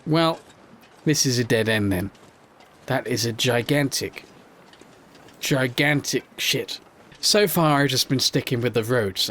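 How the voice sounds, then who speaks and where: A man's voice: mid-range voice, a bit bright, a little hiss or hum. A man hosting a let's play, giving playful, self-mocking gameplay commentary. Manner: playful, self-mocking, jokes while playing.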